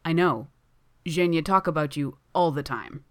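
A woman's voice: sits low, normal speed, dry recording, clean studio sound, natural voice. A woman reading aloud and voicing a teasing Russian older brother who speaks blunt broken English.

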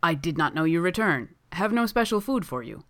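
A woman's voice: lowish voice, big pitch swings, a little fast, fairly bright tone, no room sound, clean studio sound, pitched above the performer's own voice. A woman reading aloud and voicing a cheerful young Russian baker who speaks clipped, broken English. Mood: friendly. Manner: clipped broken English, drops small words.

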